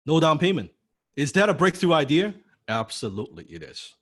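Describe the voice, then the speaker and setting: A man's voice: fairly high pitch, very animated, fairly quick, a bit bright. A man teaching a recorded course lecture in a punchy, blunt way, firing rhetorical questions and checking "right?" after each point. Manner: blunt, occasionally swears for emphasis. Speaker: course instructor.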